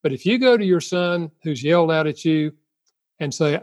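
A man's voice: a little high, animated, moderate pace, darkish tone. An older man giving marriage advice in a conversational talk, earnest, often laughing and acting out apologies. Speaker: marriage counselor guest.

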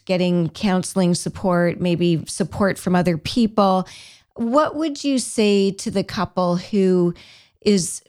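A woman's voice: fairly low pitch, darkish tone. A woman co-hosting a talk show, asking a careful question with many hesitations. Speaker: co-host. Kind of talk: casual chat.

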